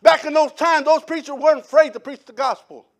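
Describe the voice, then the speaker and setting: A man preaching from the pulpit, his voice sitting very high. He tells his testimony with animated energy, acting out the people he quotes. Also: fairly quick. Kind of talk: sermon testimony.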